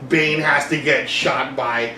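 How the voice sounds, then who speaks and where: A man's voice: medium pitch, takes it slowly, slight background noise. Rambling, laughing man on a roomy podcast. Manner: rambling, animated, laughs often, acts out quotes. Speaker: podcast host. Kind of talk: casual chat. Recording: roomy, distant mic with faint ambience.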